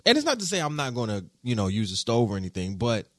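Animated slangy man hosting a podcast. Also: fast, dry recording, clean studio sound. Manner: animated, slangy storytelling with swings in pitch and loudness. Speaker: podcast host. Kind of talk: casual podcast monologue.

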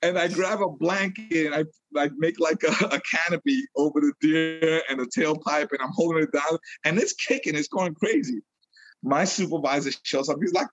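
A middle-aged man from New York telling a story in a casual interview, animated, laughing often and repeating phrases. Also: on the high side, moderate pace, low-quality recording. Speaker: guest, retired police detective sergeant.

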